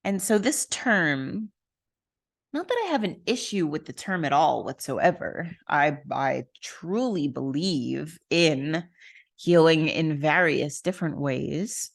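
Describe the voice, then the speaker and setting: A woman with a low voice tells a personal story in a slow, unhurried way. She is candid and casual, speaking frankly as a podcast host. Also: expressive, gravelly, no echo, clean studio sound. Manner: candid, casual, swears and laughs.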